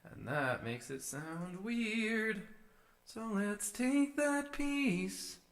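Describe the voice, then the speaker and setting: A man's voice: sits high, lively intonation, drawn-out words, fairly bright tone. A man casually talking through his vocal edits on a live stream, musing to himself as he works. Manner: musing to himself, sings short takes. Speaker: streamer producing music.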